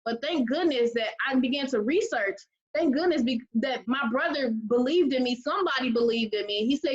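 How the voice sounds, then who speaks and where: High-voiced woman giving a lively pitch. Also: fairly quick, lo-fi sound. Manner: lively, chatty, talks straight to viewers with many "okay?" asides. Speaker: team recruiter presenting a trading program. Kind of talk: motivational live-session pitch.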